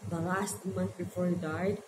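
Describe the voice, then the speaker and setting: A woman in her forties telling her life story to camera, halting and emotional as she holds back tears. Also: lowish voice, fairly even intonation. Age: 40s. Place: her small shop by the ocean, indoors. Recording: echoey room with background noise.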